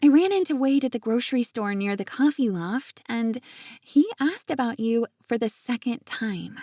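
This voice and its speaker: A chatty, teasing young woman bursting with gossip, as a woman narrator voices her. The voice sits a little higher and brighter than the narration, bouncing with excitement. Her tone stays warm and mellow underneath. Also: normal speed, no echo, studio quality. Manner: teasing, bubbly, raised pitch.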